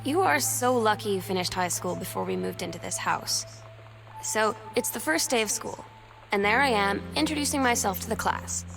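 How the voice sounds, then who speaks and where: A woman's voice: mid-range voice, expressive, normal speed, creaky, rough recording. A glum teen girl. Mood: rueful. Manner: dry, rueful storytelling. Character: teenage girl, new at school, wry and glum. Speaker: game character's recorded journal. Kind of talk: voiced game narration. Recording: game audio with music underneath.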